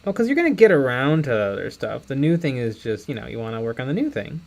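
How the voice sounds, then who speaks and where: A man's voice: medium pitch, very animated, fast, vocal fry, a little mellow. A man co-hosting a casual painting stream, joking and reading viewer questions aloud. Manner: joking, reads chat names aloud. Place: home studio while painting.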